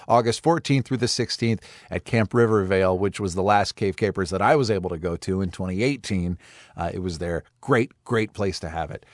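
A man's voice: mid-range voice, no echo, studio quality. Chatty, enthusiastic male podcast host. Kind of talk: casual podcast talk.

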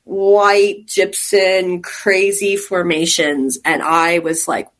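A woman's voice: on the low side, flat delivery, slow pace. A woman from Texas, a caver, telling stories in a rambling, chatty way during a casual interview, laughing often. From Texas, USA. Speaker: guest caver.

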